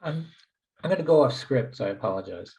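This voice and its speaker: A man's voice: medium pitch, lively intonation, quick pace, vocal fry, a little mellow, low-quality recording. Hesitant male moderator. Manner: hesitant, many fillers. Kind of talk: panel discussion.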